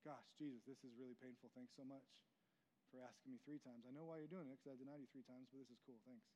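A man voicing a boisterous, loud fisherman who talks impulsively. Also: medium pitch, fairly even intonation, fast talker, a little hiss or hum, voice pushed down, lightly acted. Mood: humbled. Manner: blustering, impulsive. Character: boisterous loud fisherman, eager then ashamed. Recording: long reverb of a large hall.

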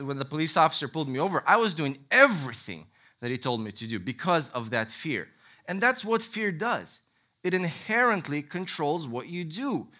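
A male preacher with a strikingly bright, clear-edged voice delivers a sermon. He teaches in an earnest, emphatic way and slips easily into lively storytelling. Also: on the high side.

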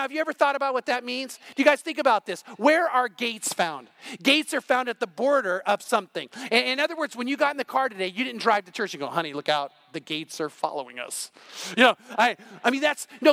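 A middle-aged male pastor preaching a sermon, impassioned and building to near-shouts. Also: very high voice, no room sound.

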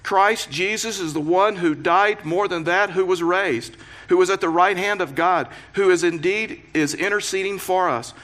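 A pastor preaching a sermon, reading scripture and explaining it with earnest emphasis and playful asides. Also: male voice, high voice, moderate pace, hardly any pauses, fairly bright tone.

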